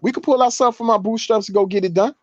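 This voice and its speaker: Earnest man with a high voice. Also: quick pace, no echo, lo-fi sound. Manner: earnest, rambling with restarts. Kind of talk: casual podcast chat.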